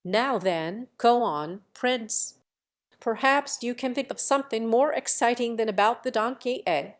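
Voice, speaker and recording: A woman's voice: fairly high pitch, measured pace, close to an everyday voice. Woman reading a brusque older noblewoman. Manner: abrupt, scolding and commanding.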